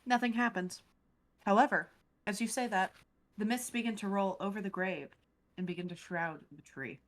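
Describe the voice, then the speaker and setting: A woman running a tabletop game as game master, describing scenes in a steady, descriptive voice. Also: medium pitch, moderate pace.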